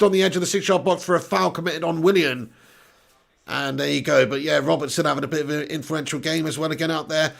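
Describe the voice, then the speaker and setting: A man hosting a live football watch-along, chatting casually, reading out viewer comments and breaking into excited play-by-play. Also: a little high, quick pace, gravelly.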